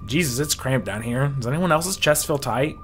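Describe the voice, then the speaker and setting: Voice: mid-range voice, expressive, normal speed, faint music behind, lightly acted. A reader doing a panicky young woman. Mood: jittery. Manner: anxious and panicky. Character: nervous young woman, jumpy and anxious.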